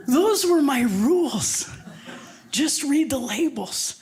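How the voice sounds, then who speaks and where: A woman's voice: sits high, expressive, takes it slowly, darkish tone. A woman doing wry, punchline-driven stand-up comedy.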